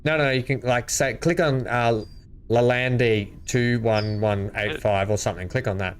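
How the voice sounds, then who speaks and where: A man streaming a multiplayer game from home, excitable and chuckling as he plays and chats. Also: mid-range voice, unhurried, a little hiss or hum. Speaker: gaming streamer. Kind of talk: casual multiplayer gameplay chat. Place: home room.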